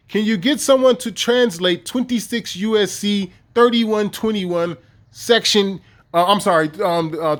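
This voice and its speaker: An irate man, reading legal text aloud and ranting profanely, repeating his points with heavy emphasis. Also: high-pitched. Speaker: online video host.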